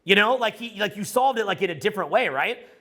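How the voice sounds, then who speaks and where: A middle-aged man giving a casual, profane, rambling talk to a live audience as a social skills coach, loud and excitable. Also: sits high, quick pace.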